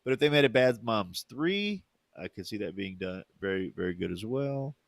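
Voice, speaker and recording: A man's voice: on the low side, expressive, moderate pace, no echo. A man co-hosting a podcast, telling rambling stories in casual chat, full of fillers and laughter. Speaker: podcast co-host.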